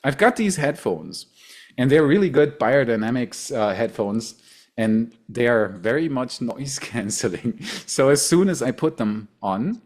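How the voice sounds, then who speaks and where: A man's voice: mid-range voice, very animated, unhurried, a little mellow. German man hosting a livestream. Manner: rambling, repeats words, laughs often. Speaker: livestream host. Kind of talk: casual livestream chat.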